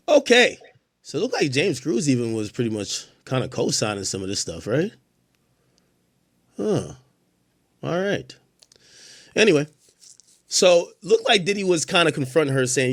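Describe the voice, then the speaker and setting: A man's voice: fairly high pitch, big pitch swings, normal speed, pauses often, a bit bright, dry recording, studio quality. Casual male streamer talking to chat. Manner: casual, joking, talks to chat. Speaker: streamer recapping news. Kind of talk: live stream commentary.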